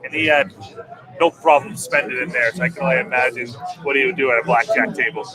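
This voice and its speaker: A man's voice: medium pitch, steady tone, quick pace. A man chatting casually on a podcast in a busy hotel bar, telling stories in a laid-back way. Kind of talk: casual chat. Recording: noisy crowded bar. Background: crowd chatter.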